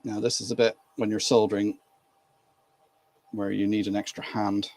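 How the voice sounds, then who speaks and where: A man's voice: fairly low pitch, flat delivery, normal speed, a little mellow. A man from Ireland hosting a casual live stream, chatting and laughing with viewers while he works on a model train. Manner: chatty, laughs easily, greets viewers by name.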